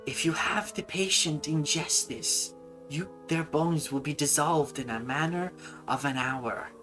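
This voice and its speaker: Woman doing a creepy old shopkeeper lady, croaky, wheedling, sly. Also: sits high, big pitch swings, slow, pushed and bright, soft background music, pitched above the performer's own voice, heavily acted. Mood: sinister.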